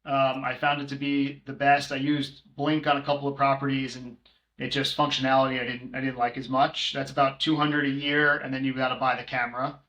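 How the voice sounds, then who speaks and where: A man's voice: mid-range voice, little pitch movement, fairly quick, sharp tone. A man co-hosting a podcast, talking casually with many filler ums as he runs through tools and prices. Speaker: co-host, short-term rental manager. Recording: roomy echo.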